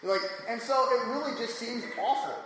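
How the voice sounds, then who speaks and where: A man's voice: very high-pitched, moderate pace, a bit bright. A man on a live panel discussion, talking casually and with animation, joking and slipping into mock quotes as he retells stories. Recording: echoey live hall with faint noise.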